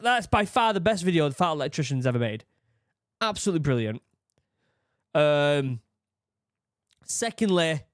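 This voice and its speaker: A man's voice: a little high, dry recording, clean studio sound. A British man hosting a reaction video, talking in an effusive, emotional way and swearing freely. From United Kingdom. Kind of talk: casual reaction commentary. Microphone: studio desk mic.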